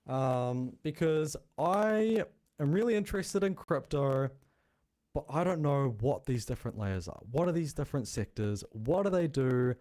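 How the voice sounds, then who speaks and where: Man with a non-American accent, blunt casual explainer, warm mellow tone, animated pitch. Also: normal speed. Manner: blunt, chatty, thinking aloud. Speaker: crypto show host.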